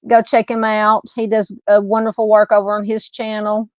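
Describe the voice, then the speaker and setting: A woman's voice: medium pitch, completely flat delivery, normal speed, dry recording, lo-fi sound. A woman with a Southern US accent hosting a casual true crime live stream, rambling and chatty as she talks with viewers. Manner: rambling, chatty, lots of "you know" fillers.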